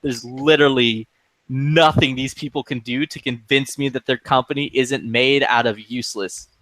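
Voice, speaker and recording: A man telling friends a long angry story in a profane, animated, fast-building rant. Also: mid-range voice, no echo. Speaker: chat participant telling a story.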